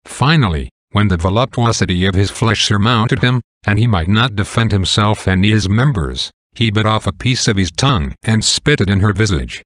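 A man giving a slow, measured reading of saints' lives in archaic prose. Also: lowish voice, fairly bright tone, no echo, clean studio sound. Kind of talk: slow reading of an old text.

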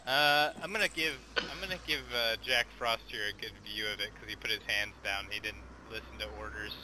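A man's voice: on the low side, steady tone, fairly quick, background noise. A man role-playing a police officer in a game, casual and matter-of-fact. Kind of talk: in-character role-play over voice chat.

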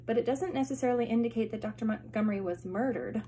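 A woman's voice: a little high, fast talker, warm tone, a little hiss or hum, lightly acted. Woman reading fussy stiff man, banker type, proper, storybook.

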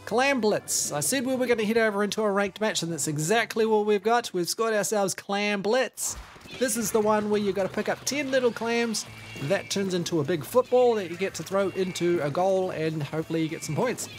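Man, New Zealand accent, high voice, excitable gameplay commentary, game music behind. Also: brisk. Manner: excitable, exclaims often, self-deprecating asides. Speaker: gaming YouTuber. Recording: game music playing underneath.

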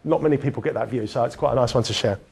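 A man's voice: medium pitch, racing, creaky, a little mellow, husky. Chatty Englishman telling his story. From England. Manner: candid storytelling, many restarts and filler words, chuckles at himself. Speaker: speaker giving a talk. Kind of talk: public talk with slides.

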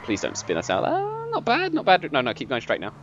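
A young man giving casual gameplay commentary, excitable and bossy when he directs his friend, and laughing often. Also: fairly high pitch, a little fast, dull audio, over music. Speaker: gaming channel host.

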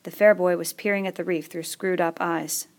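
A woman reading a novel aloud in steady, measured narration. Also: lowish voice. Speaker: audiobook reader. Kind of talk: scripted narration.

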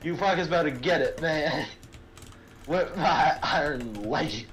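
A man's voice: fairly high pitch, slow pace, fairly bright tone. A young man in casual gaming banter with a friend, laid-back with dry, mumbled asides. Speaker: gamer on voice chat.

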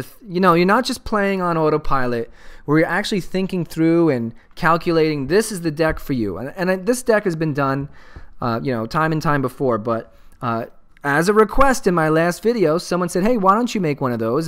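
A man's voice: a little high, fairly bright tone, smooth. A man hosting a card game channel, rambling and joking casually with many fillers. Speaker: channel host.

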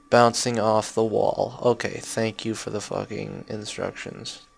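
Creaky-voiced man swearing through a game. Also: on the low side, steady tone, takes it slowly, hardly any pauses. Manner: swearing, frustrated outbursts and sarcastic asides. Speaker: gameplay commentator. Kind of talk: let's play commentary.

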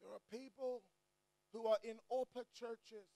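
A man preaching an energetic sermon to a crowd, often shouting. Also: very high-pitched, a little slow, gravelly. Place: church or event hall.

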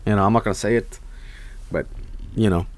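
A man's voice: lowish voice, steady tone, fairly quick, very noisy. A young man streaming, chatting casually and reading viewer messages, rambling and swearing, often breaking into laughs.

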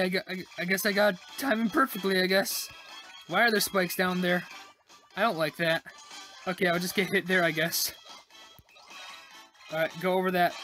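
Let's-play host, mid-pitched voice, rambling exasperated self-talk, faint game music underneath. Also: bright, forceful tone. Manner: chatty, talks to self while playing, quick frustrated exclamations. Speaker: gaming YouTuber. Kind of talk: casual let's-play commentary.

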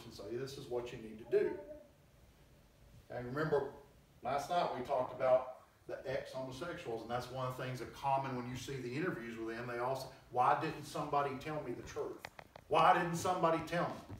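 A man's voice: mid-range voice, brisk. A male preacher giving an emphatic, conversational sermon and acting out quoted voices, recorded in a church hall. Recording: very echoey hall, distant mic, faint noise.

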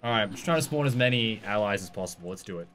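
A man's voice: on the low side, lively intonation, very fast, a bit bright, a little hiss or hum. An Australian man co-hosting a game stream, tossing in dry, teasing quips and advice. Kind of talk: casual let's-play banter.

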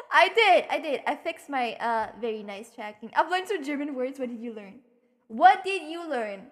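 A woman with a very high, bright voice chats with her live-stream viewers. She is bubbly and swears casually. Her pitch leaps around a lot as she talks. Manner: bubbly, swears casually, greets chat with repeated welcomes. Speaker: VTuber streamer.

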